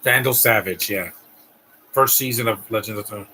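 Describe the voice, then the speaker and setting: A man's voice: fairly low pitch, a little fast, pushed and bright, breathy edge, poor audio. A man hosting a live stream, giving a blunt, ranting movie reaction commentary with frequent restarts.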